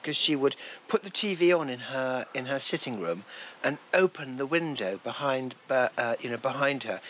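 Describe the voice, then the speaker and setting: Bright, chatty man with a clip mic. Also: medium pitch, a little hiss or hum. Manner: chatty, hesitant restarts, laughs easily. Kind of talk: casual chat.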